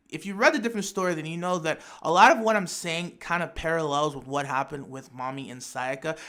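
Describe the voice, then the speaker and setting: A man's voice: fairly high pitch, fairly bright tone. A man talking through an anime fan theory in a casual, speculative way, thinking aloud with frequent restarts and repeated words. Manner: speculative, imaginative storytelling. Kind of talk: casual spoken analysis.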